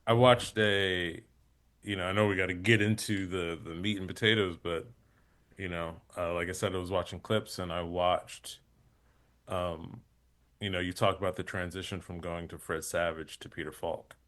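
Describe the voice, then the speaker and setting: A man appearing as a guest comedian on a podcast, telling stories in a rambling, animated way with many fillers. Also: low voice, normal speed. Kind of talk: casual chat.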